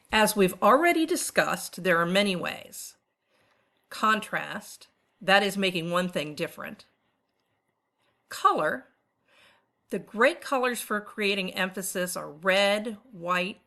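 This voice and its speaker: Bright-voiced woman explaining art lessons. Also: on the low side. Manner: clear, explanatory, asks questions to the listener. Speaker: art teacher. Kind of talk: instructional narration for teachers.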